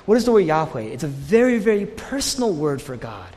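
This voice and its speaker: Man, high voice, sermon, emphatic, repeats key phrases, long hall reverb. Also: very animated, fairly quick. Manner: emphatic, repeats key phrases, drops to hushed tones for stress. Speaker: preacher.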